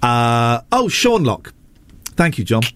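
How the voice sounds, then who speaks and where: Man, forties, radio host, rambling, self-mocking, bouncy pitch, dry studio sound. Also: sing-song, takes it slowly, a bit bright, clean tone, no room sound. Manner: rambling, self-deprecating, jumps between asides. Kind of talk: casual on-air chat.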